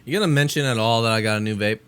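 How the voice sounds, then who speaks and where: A man's voice: on the low side, very fast, fairly bright tone, clear, resonant tone. A man co-hosting a podcast in laid-back casual chat, swearing offhandedly. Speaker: podcast co-host.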